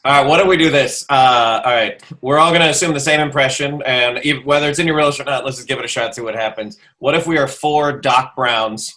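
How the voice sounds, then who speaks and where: A man's voice: medium pitch, brisk, few pauses, bright, forceful tone. A man in casual podcast chat, upbeat and setting up games.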